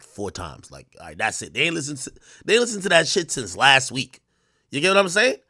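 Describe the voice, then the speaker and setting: A man's voice: fairly high pitch, bright, forceful tone, no echo, studio quality. A man in his thirties hosting a livestream, ranting to his chat in a profane, mocking way and laughing often. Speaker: livestream host. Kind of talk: casual rant to a live chat.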